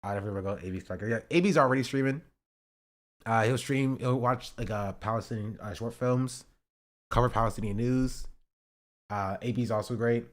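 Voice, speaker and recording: A man's voice: mid-range voice, moderate pace. Man from north carolina, live streamer, joking, chatting with viewers. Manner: joking, talks back to chat. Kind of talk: casual live-stream reaction commentary.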